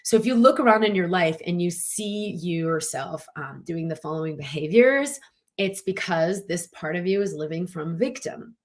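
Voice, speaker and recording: A woman's voice: on the low side, moderate pace. Chatty woman giving a motivational talk. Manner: chatty and animated, many fillers and acted-out quotes. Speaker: wellness teacher leading a live online event.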